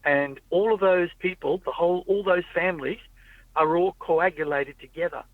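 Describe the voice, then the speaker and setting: A man's voice: high-pitched, normal speed, dry recording. Man rambling, tinny storyteller. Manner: rambling storyteller, acts out quoted people. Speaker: podcast host. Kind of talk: casual chat. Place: in a car. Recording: tinny phone-like audio, dry.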